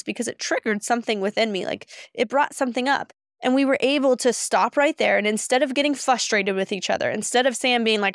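A woman co-hosts a podcast, telling stories with energy and passion. Her voice is clear and smooth and sits a little high, and it is recorded dry and close. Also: fast, few pauses, dry recording. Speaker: podcast co-host. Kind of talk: casual chat.

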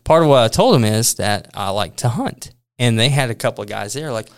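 A man, a preacher, casually telling a funny story about his travels, animated and self-deprecating, laughing often. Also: mid-range voice, fairly quick, hardly any pauses, smooth.

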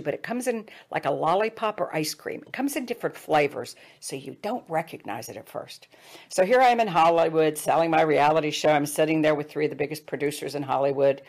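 A middle-aged woman earnestly telling a personal story, her voice dropping hushed at tender moments. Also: low-pitched, gravelly. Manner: earnest, drops to hushed tones for quoted advice. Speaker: speaker.

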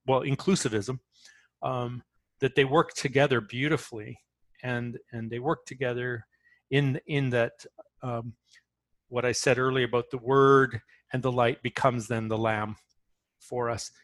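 A man's voice: medium pitch, fairly even intonation, measured pace, dry recording. A man speaking as an author in an interview, talking earnestly and often restarting his phrases as he tells a story.

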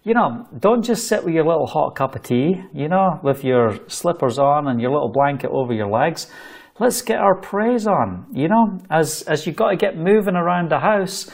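A man's voice: a little high, lively intonation, moderate pace, gravelly, a little mellow. A Scottish man preaching a sermon, exhorting listeners fervently with jokey asides.

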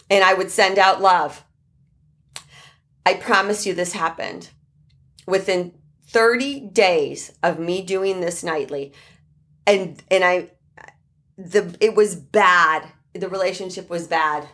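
A woman's voice: mid-range voice, unhurried, long pauses, a bit bright. A middle-aged woman speaking as a life coach in an earnest motivational talk, repeating key phrases for emphasis.

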